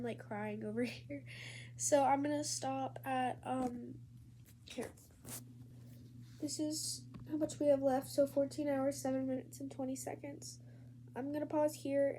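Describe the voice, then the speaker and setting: Book vlogger, female, high-pitched, chatty and upbeat, casual talk to camera. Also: darkish tone, a little hiss or hum. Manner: chatty and upbeat, often laughing. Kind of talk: casual vlog chat to camera. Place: her bedroom at home.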